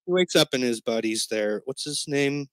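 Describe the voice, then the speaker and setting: A man's voice: mid-range voice, lively intonation, normal speed, no echo. A man co-hosting a podcast, talking casually and animatedly about a comic book, rambling and swearing now and then. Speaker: podcast co-host.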